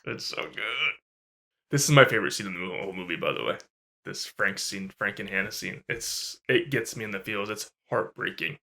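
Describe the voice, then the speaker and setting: Bright-toned man gushing over a film. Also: fairly low pitch, fairly quick, vocal fry. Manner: emphatic, swears, gushing. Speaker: podcast co-host. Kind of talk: casual film review chat.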